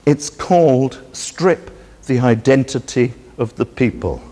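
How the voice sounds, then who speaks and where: A man's voice: mid-range voice, slow pace, mellow. A man giving a public talk in a meeting hall, telling a story with sardonic indignation and acting out both sides of the dialogue. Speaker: speaker at a public presentation. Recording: reverberant hall recording.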